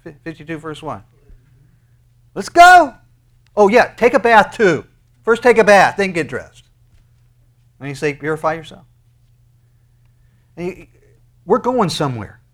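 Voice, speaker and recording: A man preaching a sermon, moving from quiet, hushed asides to loud, shouted commands. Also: fairly high pitch, big pitch swings, normal speed, pauses often. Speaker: pastor.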